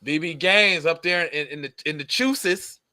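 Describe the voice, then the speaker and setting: A man's voice: fairly high pitch, measured pace, bright, forceful tone, no echo. A man co-hosting a podcast in casual, slang-heavy banter, repeating "cuz" and laughing often. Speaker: podcast co-host.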